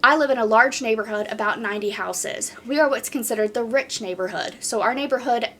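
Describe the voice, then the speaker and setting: A woman's voice: a little high, a little fast, fairly bright tone. A woman hosting a podcast in casual chat, reading posts aloud and reacting bluntly.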